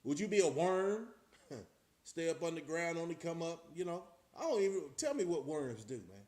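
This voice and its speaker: A middle-aged man with a Texas accent holds forth to his camera in a loose, streetwise vlog. He leans on rhetorical questions and slang, and his voice sits a little high for a man. The room gives it a roomy echo. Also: a little mellow. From Austin, Texas. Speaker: vlogger. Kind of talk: casual talking to camera.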